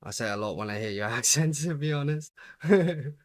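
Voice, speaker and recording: A young man with a British accent talks through his livestream in a relaxed, chatty way, greeting viewers by name and answering their questions as he plays. His voice sits at an ordinary middle pitch. The sound is dry and close, with no room echo. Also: quick pace. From United Kingdom. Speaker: gaming livestreamer. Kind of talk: casual livestream chat while playing.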